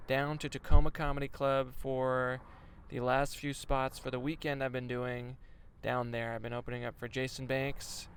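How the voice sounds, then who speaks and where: A man's voice: mid-range voice, little pitch movement, moderate pace, hardly any pauses. Man, young adult, stand-up comedian, casual rambling, self-deprecating, in a moving van, faint engine hum. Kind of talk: casual vlog chat while driving.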